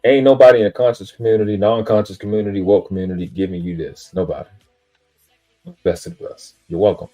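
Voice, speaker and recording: A man's voice: on the low side, fairly even intonation, fast talker, warm tone, dull audio, soft background music. A man on a live stream lecturing about spiritual teachings in an emphatic, preachy way, swearing casually and boasting about himself. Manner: self-aggrandizing, spiritual teaching tone. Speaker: panel speaker on a live stream.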